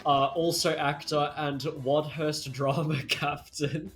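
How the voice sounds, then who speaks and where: A man's voice: on the high side, little pitch movement, slow, soft background music. A teenage boy co-hosting a podcast, upbeat and teasing in casual talk. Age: teens. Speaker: podcast co-host.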